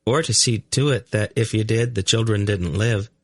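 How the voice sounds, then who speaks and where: A man voicing a calm, uncanny young boy who reads minds, in an audiobook. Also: fairly low pitch, normal speed, no echo, studio quality, voice pushed up. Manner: calm, matter-of-fact explaining. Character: uncanny mind-reading blond boy, calm. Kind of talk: audiobook character voice.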